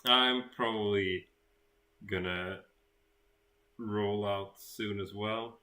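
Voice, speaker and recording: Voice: low-pitched, drawn-out words, pushed and bright. A guest from Sweden chatting casually on a live stream, telling stories with dry jokes.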